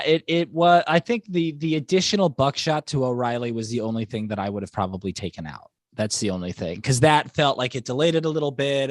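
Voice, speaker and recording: A man's voice: medium pitch, no room sound, studio quality. A man co-hosting a casual wrestling talk show, arguing his points with enthusiasm and a lot of "like". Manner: enthusiastic, fast-building arguments with many likes. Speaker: podcast co-host.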